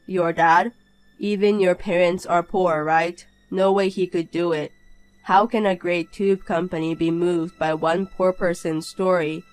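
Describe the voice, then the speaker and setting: A woman voicing a snobbish, cheating rich young man in an animated story, sneering and then pleading. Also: on the low side, a little slow, clean tone, dry recording, faint music behind, natural voice, rough recording.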